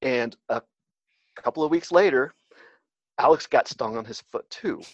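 Unhurried and medium-pitched, with no echo, an interview guest talks casually while hesitating and leaning on fillers and restarts. The sound is somewhat dull and lo-fi.

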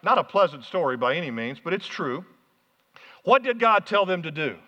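A man preaching a sermon as pastor, energetic, calling out to the congregation in a church hall. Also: on the high side, normal speed. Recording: muffled, hall reverb.

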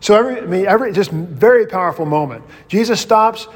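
Male pastor, slightly high voice, casual animated Bible study teacher, long room reverb. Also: quick pace. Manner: casual, animated storytelling with acted quotes.

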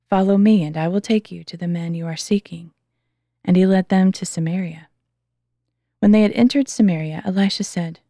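A woman reading scripture aloud in a calm, measured way, slowing down for the quoted speech. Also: medium pitch, vocal fry, no room sound, studio quality. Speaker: Bible reader.

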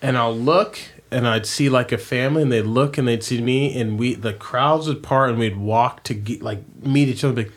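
A man from Oregon co-hosting a podcast, telling travel stories in casual, excitable chat with a lot of swearing. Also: mid-range voice, moderate pace, few pauses, husky.

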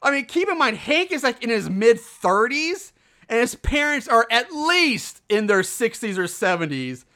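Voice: mid-range voice, moderate pace. A co-host casually retelling a film's plot, swearing often and sounding exasperated at what happens. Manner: profane, animated, exasperated retelling. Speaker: podcast co-host. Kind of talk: casual movie recap chat.

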